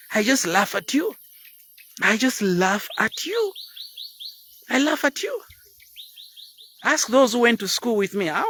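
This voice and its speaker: A man in his fifties giving a blunt, preachy motivational talk live online, dropping now and then into quiet asides. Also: extremely high pitch, a little hiss or hum. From Zambia. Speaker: motivational speaker.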